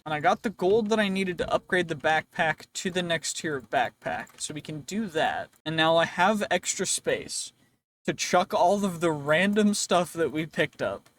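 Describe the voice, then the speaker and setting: A man with a high voice gives loose, rambling gameplay commentary, joking around and chatting to characters on screen. His voice sounds worn and tired, and there is a faint hiss behind him. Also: a bit bright. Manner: rambling, playful, talks to game characters. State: voice wearing out. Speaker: gaming video creator.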